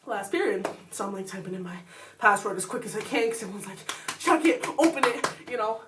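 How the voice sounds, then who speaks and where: A woman's voice: medium pitch, fast talker, distant mic, background noise. A teenage girl telling a story casually, full of likes and you-knows. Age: teens. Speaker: co-host.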